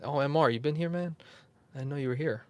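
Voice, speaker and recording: A man's voice: on the high side, quick pace, lo-fi sound. A man hosting a casual livestream, rambling, chuckling and answering viewers in the chat. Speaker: YouTube host.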